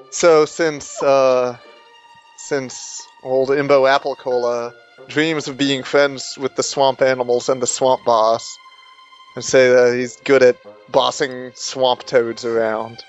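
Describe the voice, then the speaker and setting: A man playing a tabletop role-playing game, explaining his turn in a deliberate, amused way. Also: mid-range voice, level tone, muffled recording, faint music behind. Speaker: player. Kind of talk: tabletop role-play chat.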